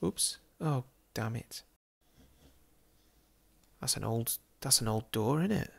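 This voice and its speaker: Gravelly, chatty Englishman. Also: medium pitch, lively intonation, takes it slowly. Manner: chatty and amused, laughs often, jokey asides. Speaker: football game YouTuber. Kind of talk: casual commentary over a virtual street tour.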